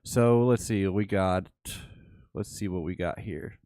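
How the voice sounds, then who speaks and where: A man's voice: low-pitched, measured pace, dark tone, no echo, studio quality. A man hosting a livestream, giving casual live chart commentary and thinking aloud with repeated phrases. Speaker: livestream host.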